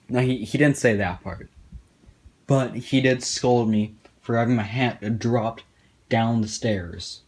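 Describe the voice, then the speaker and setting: A man's voice: mid-range voice, unhurried, a little mellow, breathy edge. A young man telling a sarcastic, profane story as casual commentary over gameplay. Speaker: gaming commentator.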